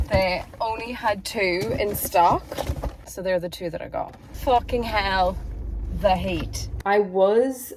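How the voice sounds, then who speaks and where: A woman's voice: mid-range voice, slow pace, over music. A young woman vlogging casually at home and in her car, gushing and chatty, swearing now and then. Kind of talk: casual vlog chat. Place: hot flat and car.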